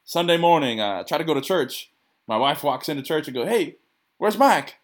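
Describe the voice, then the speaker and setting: A man imitating a folksy old male football coach with a hard Midwestern accent who tells homespun, deadpan one-liners. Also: on the high side, moderate pace, pitched above the performer's own voice, natural voice.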